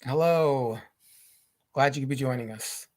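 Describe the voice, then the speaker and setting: A middle-aged man hosting a live podcast chat, talking in halting, rambling sentences full of restarts. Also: mid-range voice. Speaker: podcast host. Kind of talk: casual live-stream chat.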